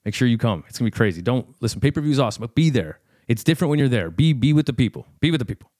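A man hosting a podcast, giving rambling, joking shout-outs full of fillers and restarts. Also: mid-range voice, lively intonation, very fast, no room sound, clean studio sound. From Canada. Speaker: podcast host.

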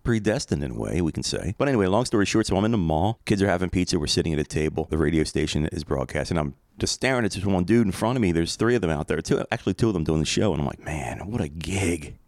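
A middle-aged man speaks in a very low register, recorded close and dry with almost no room sound. He talks casually and reflectively, like a podcast host telling a personal story. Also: expressive, very fast, few pauses, darkish tone, no echo. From Philadelphia area, USA. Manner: conversational, reflective, rambling asides.

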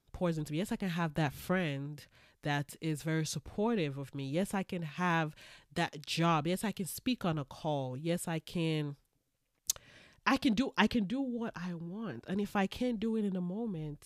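A woman's voice: deep voice, a little mellow, no room sound. Earnest woman podcast host, dry sound. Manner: earnest, upbeat, playful, many fillers and restarts. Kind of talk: faith-based encouraging podcast monologue.

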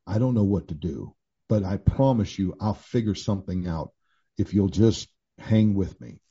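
An older pastor talks through his own story frankly, stopping and restarting often. His voice sits a little low, with a very dark, husky tone. The recording sounds dull and lo-fi. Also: moderate pace. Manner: candid storytelling with many restarts and fillers. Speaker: pastor and author. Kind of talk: conversational testimony.

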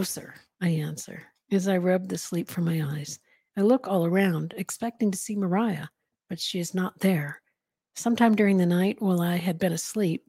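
A woman's voice: lowish voice, warm tone, breathy edge, no room sound, studio quality. A woman hosting a podcast, reading a novel aloud in a casual way with giggly asides. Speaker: podcast host and reader.

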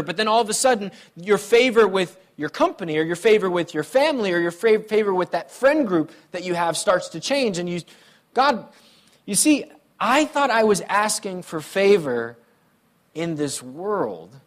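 Animated, slightly high-voiced male pastor. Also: normal speed. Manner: conversational, animated storytelling with playful humor. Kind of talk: sermon with personal stories.

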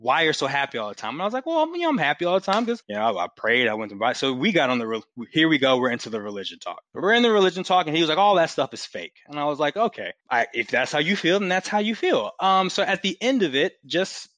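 A man in his thirties telling a casual, animated story as a guest, with lively jumps into quoted voices. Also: quick pace, few pauses, no room sound. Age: 30s. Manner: animated, swings into high mocking quotes.

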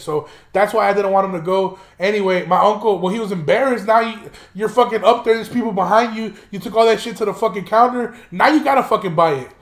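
Young male podcast host, high-pitched, loose and profane storyteller, roomy echo. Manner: profane, rambling, laughs while telling. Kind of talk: casual storytelling monologue.

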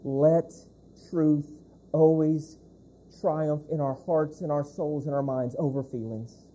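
A male pastor preaching a sermon. He speaks emphatically, repeats key phrases, slows down to stress points and puts questions to the congregation. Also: on the high side, steady tone, warm tone, breathy edge.

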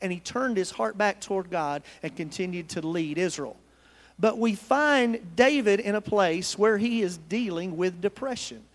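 A man's voice: sits high, animated, moderate pace, in a large hall. A man from the United States preaching a sermon in a church, earnest and calling out to his congregation. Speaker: pastor. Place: church sanctuary.

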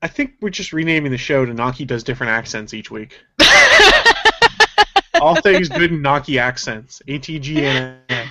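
A man's voice: medium pitch, animated, a little fast, few pauses, fairly bright tone, no echo, highs cut off. A man co-hosting a casual podcast, teasing his co-host with wry comments on a home microphone. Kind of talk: casual chat.

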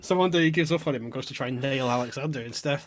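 A man's voice: mid-range voice, rapid-fire, slight background noise. A man co-hosting a podcast, bantering crudely, swearing and laughing often.

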